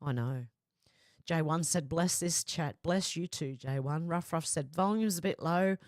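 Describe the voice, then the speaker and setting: A woman's voice: low-pitched, measured pace, no room sound. A woman hosting a livestream, reading viewer comments aloud in a chatty, laughing way, close to a desk microphone. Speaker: livestream host reading chat. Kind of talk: casual livestream chat.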